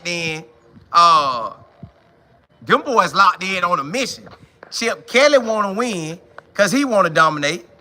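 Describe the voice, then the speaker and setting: A man hosting a casual sports talk show, talking straight to his viewers in an excited, slangy way and repeating his lines for emphasis. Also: high-pitched, a little hiss or hum.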